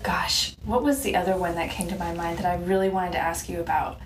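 A woman's voice: fairly low pitch, steady tone, fairly quick, roomy sound, recorded from a distance, a little hiss or hum. A woman co-hosting a casual chat, curious and full of questions about expressions. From US West Coast. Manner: curious, asks many questions. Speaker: podcast co-host.

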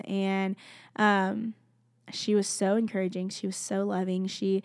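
A young woman tells her faith story in a casual, earnest way, and her voice has a gravelly, fry-tinged edge. She fills her sentences with "like" and sounds heartfelt, sometimes close to tears. The sound is dry and close, with no room echo. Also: mid-range voice, little pitch movement, unhurried. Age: young adult. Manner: earnest and heartfelt, with constant "like" fillers; emotional, close to tears at times. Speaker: college student sharing a faith testimony. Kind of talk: casual spoken testimony.

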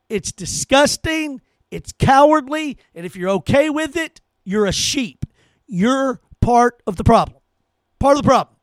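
A man's voice: extremely high pitch, no room sound, clean studio sound. A man hosting his own show, delivering a heated, profane opinion rant full of emphatic repetition. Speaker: podcast host.

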